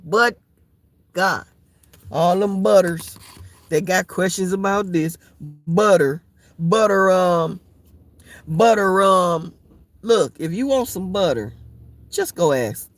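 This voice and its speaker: A woman's voice: fairly low pitch, fairly bright tone, dry recording. A woman leading an informal Bible study, repetitive and playful, laughing often as she preaches.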